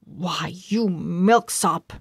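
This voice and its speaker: A woman's voice: fairly low pitch, steady tone, slow pace, fairly bright tone, no room sound, studio quality. A woman voicing a harsh, sneering young male rival in a storybook read-aloud, with a jeering manner. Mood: menacing.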